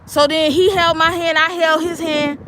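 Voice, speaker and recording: A woman vlogging outdoors on a city street while waiting for a bus, telling a story in an animated, emphatic, colloquial way. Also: very high-pitched, moderate pace, slight background noise, rough recording. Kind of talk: casual storytelling vlog.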